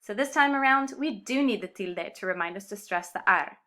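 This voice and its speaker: A woman's voice: medium pitch, lively intonation, a little fast, pushed and bright. A woman explaining Spanish grammar in a playful video lesson. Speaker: Spanish teacher.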